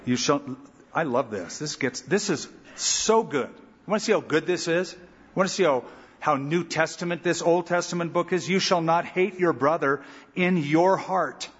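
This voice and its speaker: A middle-aged man, a pastor, giving an animated verse-by-verse sermon with emphatic pauses, then leading a prayer. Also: a little high, slightly rough. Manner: animated, emphatic preaching with dramatic pauses and asides. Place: large church sanctuary. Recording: dull lo-fi recording with long hall reverb.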